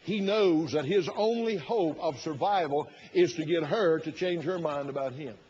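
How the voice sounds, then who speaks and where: A man's voice: a little high, normal speed, a little mellow, a little hiss or hum. Folksy preacher man, lo-fi sermon. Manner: folksy, retells the story with quoted inner thoughts. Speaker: pastor.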